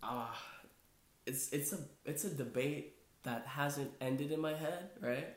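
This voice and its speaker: A man's voice: on the high side, takes it slowly, a crowd in the background. A man hosting a casual sports chat podcast, rambling loosely with lots of fillers and "bro.". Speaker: podcast host. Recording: echoey room.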